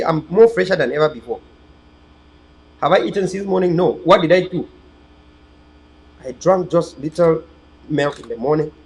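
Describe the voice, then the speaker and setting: A man's voice: a little high, poor audio. A man, hosting an online political channel in a rambling, preachy, emphatic livestream monologue to his viewers.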